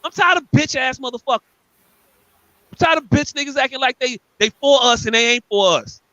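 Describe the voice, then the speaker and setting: A man's voice: extremely high pitch, expressive, a little fast, sharp tone, no echo, low-quality recording. A man co-hosting a podcast, ranting angrily and profanely with lots of repetition. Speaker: podcast co-host. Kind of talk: heated podcast rant.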